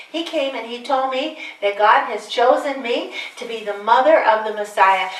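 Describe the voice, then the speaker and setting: A woman's voice: mid-range voice, distant mic, lightly acted. A woman playing an older Mary, wry and chatty, echoey room. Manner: chatty, wry asides to the audience. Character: aged Virgin Mary, wry, homespun storyteller. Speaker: one-woman stage performer. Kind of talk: live character monologue.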